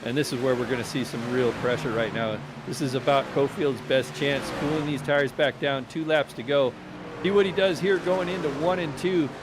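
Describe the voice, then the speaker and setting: A man doing lively play-by-play commentary for an online truck race. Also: mid-range voice, moderate pace, noisy background. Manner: excited, rising when the action heats up. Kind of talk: sim racing play-by-play commentary.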